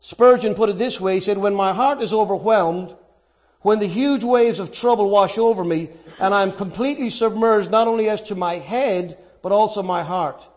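High-voiced male preacher. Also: moderate pace, darkish tone. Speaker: pastor. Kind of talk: sermon.

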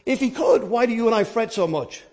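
Male preacher, very high voice, dynamic delivery, quiet to shouting, rhetorical questions. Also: lively intonation, fairly quick. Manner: asks and answers his own questions. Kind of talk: sermon.

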